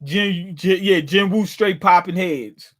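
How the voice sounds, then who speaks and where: A man's voice: high voice, takes it slowly, fairly bright tone. A man hosting a casual live reaction, commenting in a slangy, joking way. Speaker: manga reaction host.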